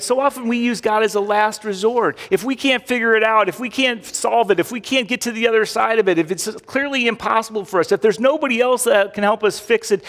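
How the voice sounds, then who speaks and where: A man's voice: sits high, a bit bright. A middle-aged man preaching a sermon as pastor, in a chatty way with repeated phrases and frequent "right?" asides. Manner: conversational preaching with tag questions and repeated phrases. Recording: long hall reverb.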